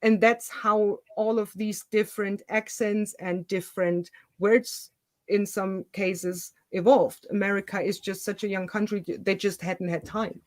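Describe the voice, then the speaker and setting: A woman's voice: medium pitch, steady tone, measured pace, darkish tone, dry recording. A woman with a Swabian German accent, a non-native English speaker, explaining things at length as the host of a casual video-call chat. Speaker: channel host.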